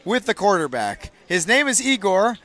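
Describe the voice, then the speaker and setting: A man calling a game from a commentary booth on a booth microphone, joking with his co-host and bursting loud on big plays. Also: high voice, big pitch swings, normal speed. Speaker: sports commentator. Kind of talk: play-by-play commentary with banter.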